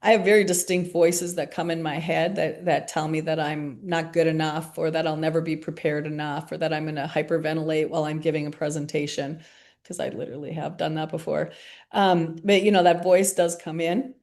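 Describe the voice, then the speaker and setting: Gentle, candid woman leading a workshop. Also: low voice, level tone, a little fast. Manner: gentle, candid, laughs often while talking. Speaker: workshop facilitator. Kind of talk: reflective group workshop talk.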